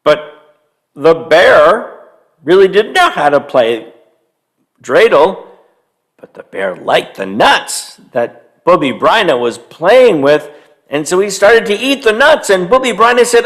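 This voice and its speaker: A man telling a story to young children, animated and stopping to quiz them and have them join in. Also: high-pitched, slow. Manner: animated, quizzes young listeners.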